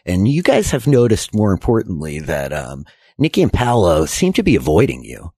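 Deep husky man narrating a game. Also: normal speed, no echo. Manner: relaxed storytelling full of fillers. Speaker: game master. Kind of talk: narrating a tabletop role-playing game.

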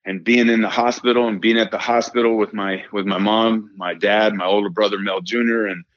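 A man's voice: on the low side, steady tone, a little fast, fairly bright tone, no room sound, dull audio. A middle-aged man telling a personal story as a podcast guest, earnest and emphatic, often repeating phrases and saying "man". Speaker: guest, performance coach and former pitcher.

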